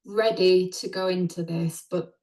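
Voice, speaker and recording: A woman speaks slowly and tentatively in a body-awareness session, pausing and restarting as she hunts for the right words. Her delivery is halting and careful. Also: fairly low pitch, steady tone, darkish tone, low-quality recording. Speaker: client in a session.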